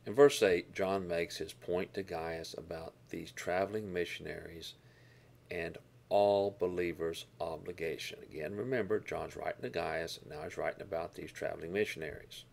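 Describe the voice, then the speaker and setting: A man teaches a Bible lesson, explaining verses and Greek words and deliberately stressing key words. His low voice is creaky, with fairly even intonation.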